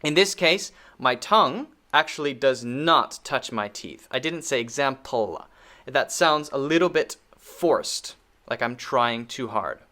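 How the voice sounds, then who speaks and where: A man with a bright, clear-toned voice teaches pronunciation. He repeats example words over and over at an easy pace. He checks in often with a patient "okay?". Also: medium pitch, expressive. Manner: demonstrates words by repeating them slowly. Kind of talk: pronunciation lesson.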